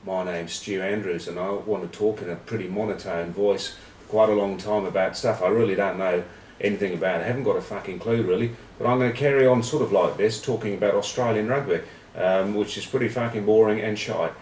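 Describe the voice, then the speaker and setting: A clueless rugby presenter drones on in a flat monotone, as an Englishman takes him off, swearing idly as he plods along. His low voice sits back from the mic in a roomy, echoey space. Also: brisk, few pauses, a little hiss or hum, natural voice. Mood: droning. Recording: roomy echo, distant mic.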